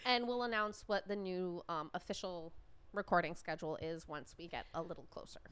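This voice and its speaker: A woman's voice: lowish voice, brisk, a bit bright, smooth. Giggly woman with a nasal cold. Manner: giggly, chatty, laughs often. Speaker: podcast co-host. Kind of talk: casual chat.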